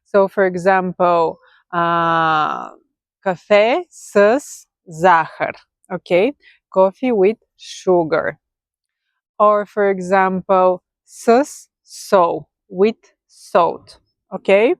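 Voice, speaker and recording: A woman's voice: on the low side, no echo. Bulgarian-accented woman teaching, dry sound. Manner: checks in often with "okay?" and repeats key words slowly. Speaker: language teacher. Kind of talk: casual explanatory lesson.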